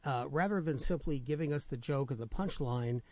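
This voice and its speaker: A man's voice: medium pitch, a little fast, darkish tone, no echo. A man hosting a radio talk show, telling jokes in a rambling, stammering way. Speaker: radio host.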